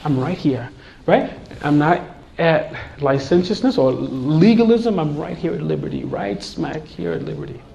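A man preaching a sermon in an animated way, laughing often and acting out voices in his examples. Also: fairly high pitch, normal speed, creaky, a little hiss or hum.

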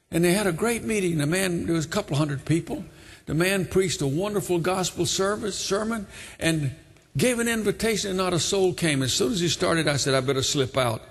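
An older man from Brooklyn with a New York accent, preaching a sermon and telling a story, fervent and at times shouting. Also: a little high, husky. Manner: fervent, rising to shouts in exhortation. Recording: long hall reverb.

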